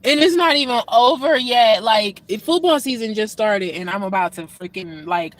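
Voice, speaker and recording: A woman hosting a reaction video, talking casually and profanely, mocking people loudly and then sighing tiredly about her kids' football season. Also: fairly high pitch, animated, normal speed, slight background noise. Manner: brash, profane, swings between loud mockery and tired sighs. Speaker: football mom.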